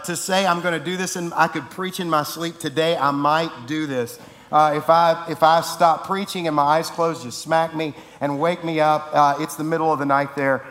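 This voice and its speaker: A man's voice: fairly high pitch, fairly bright tone, big-room sound, slight background noise. A man preaching to his church, telling a humorous story in a rambling, self-correcting way. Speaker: pastor. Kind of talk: sermon announcements and anecdote. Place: church sanctuary.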